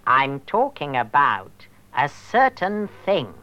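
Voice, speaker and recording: A secretive old-book dealer who crawls through each line, dropping heavy hints and soft threats. The tone is bright and edgy, on a dull, lo-fi old tape. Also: male voice, medium pitch, wildly swooping pitch, exaggerated voice. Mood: veiled, insistent. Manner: slow, veiled and quietly threatening. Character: secretive pushy middle-aged male bookseller.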